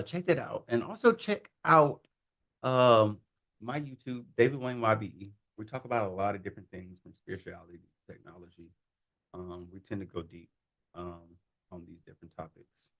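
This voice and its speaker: A man talking casually as a tech founder guest, excitable, laughing easily, with many fillers and a frequent y'all. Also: lowish voice. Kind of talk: casual chat.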